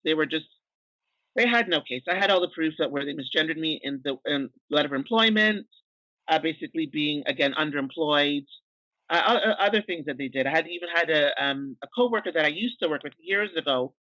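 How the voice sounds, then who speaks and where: Trans woman, drag performer, candid storytelling, crisp bright tone, dry close sound. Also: deep voice, fairly quick, dry recording, highs cut off. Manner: lively, frank retelling with frequent fillers. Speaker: drag performer and podcast guest.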